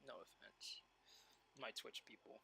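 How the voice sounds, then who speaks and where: Bright-voiced rambling young streamer man. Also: a little slow, slight background noise. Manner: rambling and animated, heavy use of "like" and repeated restarts. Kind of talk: casual live-stream chat while gaming.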